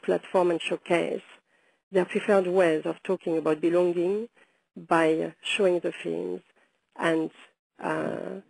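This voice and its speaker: In London, the founder of a video project gives a webinar presentation while nursing a sore throat, her fairly low voice hoarse and gravelly. She sounds dark and mellow, keeps a measured pace, and hesitates often. The recording is rough but has no echo.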